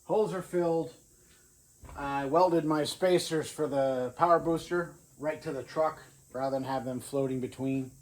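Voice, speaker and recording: A garage vlogger casually talks through his truck build in a home garage, thinking aloud in an offhand way with plenty of fillers. His voice is a little high, his speed normal, and the recording rough.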